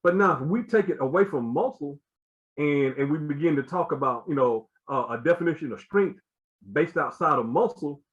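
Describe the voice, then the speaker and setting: A man's voice: fairly high pitch, moderate pace, muffled recording. A man giving an earnest explanatory talk as a guest speaker, with many fillers and repeated words.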